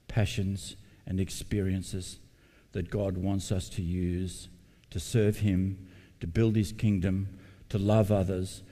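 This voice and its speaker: A man's voice: on the low side, mellow, long reverb tail. Earnest middle-aged male pastor preaching. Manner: earnest, repeats key points, tells personal stories. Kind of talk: sermon. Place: church building.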